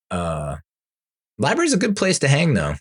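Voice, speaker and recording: A man's voice: mid-range voice, husky. A man hosting a casual solo podcast, rambling through stories with frequent laughs and exasperated asides. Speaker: podcast host.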